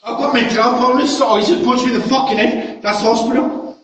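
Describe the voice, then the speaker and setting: An agitated British man who swears constantly, shouting and protesting while being detained. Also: extremely high pitch, steady tone, fairly quick. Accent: British English. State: agitated and distressed. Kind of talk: heated street argument. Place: stairwell of a block of flats. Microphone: doorbell camera from a distance. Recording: distant, echoey, muffled doorbell audio.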